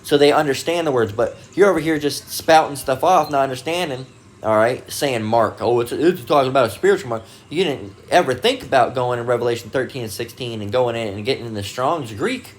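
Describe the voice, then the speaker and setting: A man's voice: medium pitch, brisk. A man giving a casual, rambling Bible teaching talk, full of fillers and restarts, and reading dictionary definitions aloud. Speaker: religious video host.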